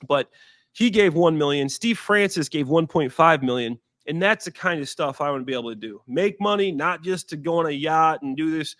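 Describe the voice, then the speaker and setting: A man's voice: on the high side, normal speed, fairly bright tone, no echo, clean studio sound. A man in his thirties from Chicago, a former football player chatting as an interview guest in a rambling way with lots of fillers. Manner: rambling, filler-heavy, laughs easily. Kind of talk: casual interview.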